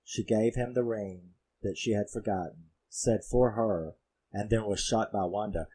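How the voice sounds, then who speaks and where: Rambling horror reviewer, male, lowish voice, swears a lot and gets worked up. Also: normal speed, warm tone, slightly rough. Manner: rambling, profane and fired up. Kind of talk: casual spoken film recap.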